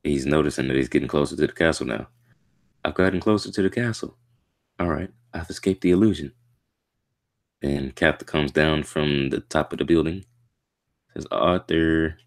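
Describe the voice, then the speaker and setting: A man reading a manga chapter aloud and reacting to it in a casual, slangy way, with excitable outbursts. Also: very deep voice, normal speed, long pauses.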